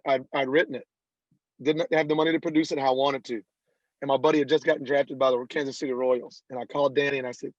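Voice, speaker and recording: A man, a country singer guest on an interview podcast, telling stories lively and acting out the people he quotes. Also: medium pitch, dry recording. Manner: animated storyteller who acts out quoted dialogue. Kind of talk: casual interview storytelling. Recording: dull lo-fi dry sound.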